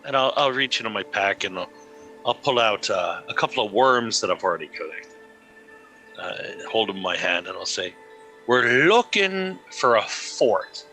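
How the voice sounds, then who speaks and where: Bright, wry male player. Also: fairly low pitch, normal speed, faint music behind, poor audio. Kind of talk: tabletop game chat.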